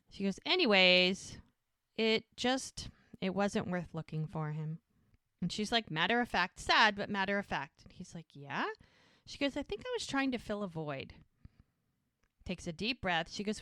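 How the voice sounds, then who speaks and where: A woman's voice: medium pitch, sharp tone, no echo, clean studio sound. A woman co-hosting a podcast, casually retelling a TV episode by quoting the characters' lines in turn. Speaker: podcast co-host.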